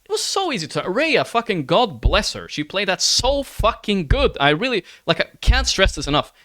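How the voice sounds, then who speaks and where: A man's voice: sits high, wildly swooping pitch, moderate pace, bright, forceful tone, dry recording. A man streaming live and ranting to his chat. He swears often, keeps asking "right?" and calls his listeners brother in an earnest, pleading way.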